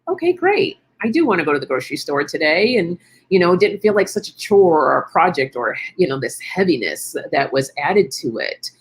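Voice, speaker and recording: A woman's voice: mid-range voice, slightly rough. A middle-aged woman hosting a casual wellness chat stream, chatty and encouraging, thinking aloud as she answers viewers. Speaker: live stream host.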